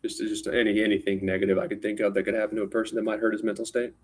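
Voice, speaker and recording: A man's voice: fairly low pitch, little pitch movement, very fast, a little mellow, slightly rough. A man telling a rambling personal story in a casual spoken style, often restarting and repeating words.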